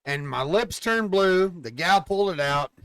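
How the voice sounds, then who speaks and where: A man's voice: high-pitched, animated, a little slow, a bit bright, clear, resonant tone, no echo. A man telling a crude hospital story in casual podcast chat, acting out what people said. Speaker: podcast co-host.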